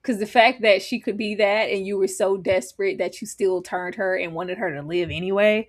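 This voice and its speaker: A woman co-hosting a casual chat about a TV episode, animated and laughing often. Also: medium pitch, normal speed, few pauses. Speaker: podcast co-host.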